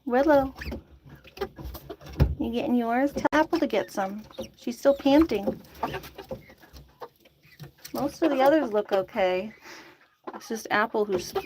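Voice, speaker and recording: A woman's voice: fairly high pitch, slow pace, long pauses, background noise. A woman chatting casually and coaxing her chickens to drink by their coop outdoors, laughing often. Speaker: chicken keeper vlogger.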